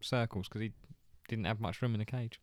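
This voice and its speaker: A man's voice: lowish voice, steady tone, fairly quick, no echo, studio quality. A man co-hosting a casual chat, hesitant with fillers and frequent laughter. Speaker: podcast co-host.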